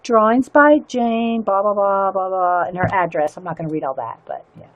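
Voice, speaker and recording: A woman's voice: medium pitch, moderate pace, narrow, tinny audio. A woman hosting a casual livestream, chatting and giggling as she stumbles through reading aloud. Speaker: livestream host showing zines.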